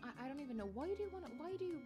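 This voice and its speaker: A woman's voice: high voice, expressive, rapid-fire, music in the background. A woman from Finland with a Finnish accent, co-hosting a podcast, telling a story animatedly with lots of "like" fillers. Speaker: podcast co-host. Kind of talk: casual chat.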